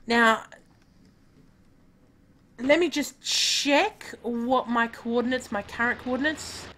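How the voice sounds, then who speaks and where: A woman's voice: a little high, takes it slowly, long pauses, sharp tone. A woman chatting casually on a live game stream, self-deprecating and talking to herself as she plays.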